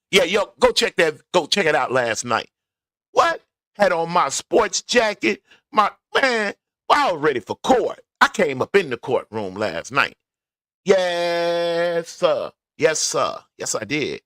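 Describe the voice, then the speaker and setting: A man vlogger rambles casually to his viewers, commentary while driving to work, recorded in a garage. His fairly high voice swings widely in pitch, moving slowly with a sharp tone. The sound is studio quality with no echo.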